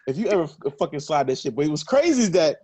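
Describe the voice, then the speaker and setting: A young adult man co-hosting a casual chat, telling an animated, profane story with exaggerated quoted lines. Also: fairly high pitch, quick pace, husky, dry recording. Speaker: co-host.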